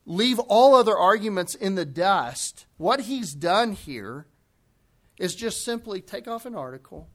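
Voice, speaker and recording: Guy preaching a sermon, fairly high voice, leans hard on key words and drags them out slow. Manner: emphatic, slows down to stress key phrases.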